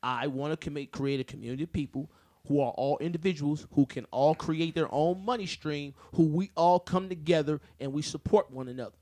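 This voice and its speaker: A man co-hosting a casual podcast chat, who talks in animated rants and breaks into loud shouting bursts. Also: on the high side, a little fast. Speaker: podcast co-host.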